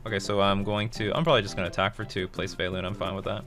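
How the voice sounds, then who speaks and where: A man's voice: on the low side, little pitch movement, racing, a bit bright, soft background music. A man with a Canadian accent, chatting casually while streaming a card game, laughing often and swearing now and then. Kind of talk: casual gameplay commentary.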